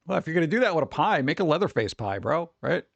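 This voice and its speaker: Man, streamer, casual rambling chat, joking, gravelly, dry close mic. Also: fairly high pitch, big pitch swings, dry recording, muffled recording. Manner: rambling, joking, puts on quick voices for bits.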